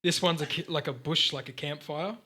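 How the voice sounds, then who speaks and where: A man's voice: on the high side, a little fast, sharp tone, slightly rough. A man with an Australian accent, a podcast host in casual chat, rambling and swearing freely. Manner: rambling, swears casually, stumbles over restarts.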